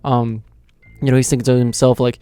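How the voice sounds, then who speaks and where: A young man talks through an episode recap in a loose, rambling way, padding his sentences with filler words and little chuckles. His voice is smooth and clean but stays fairly flat in pitch. The sound is dry and close, with no room echo. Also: fairly quick. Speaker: anime reaction channel host. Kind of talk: casual episode recap and review.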